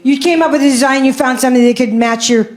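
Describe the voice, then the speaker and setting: A woman's voice: high voice, quick pace. A woman in her seventies doing stand-up and crowd work, blunt and salty, repeating herself for emphasis. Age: 70s. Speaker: stand-up comedian. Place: comedy club stage. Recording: loud audience laughter.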